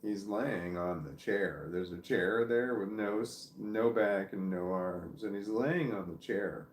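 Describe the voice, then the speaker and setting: A man's voice: lowish voice, unhurried, echoey room. A man on a home livestream talking casually and meandering to viewers, often stopping mid-sentence to restart. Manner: meandering, self-interrupting, talking to viewers about his dog. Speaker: vlogger. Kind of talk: rambling casual livestream chat. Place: at home, seated with dog on his legs. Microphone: phone or camera on a stand.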